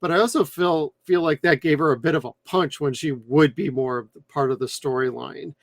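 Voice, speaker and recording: A man's voice: a little high, brisk, no room sound. Enthusiastic man in a dry podcast mix. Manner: enthusiastic, rambling with fillers. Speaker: podcast co-host. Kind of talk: casual chat.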